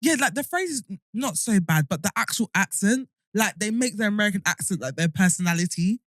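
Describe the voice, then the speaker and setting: A young British woman co-hosting a podcast, chatting casually in an animated, teasing way. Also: medium pitch, no room sound, studio quality. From United Kingdom. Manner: animated, teasing, quick to laugh. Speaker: podcast co-host. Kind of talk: casual chat.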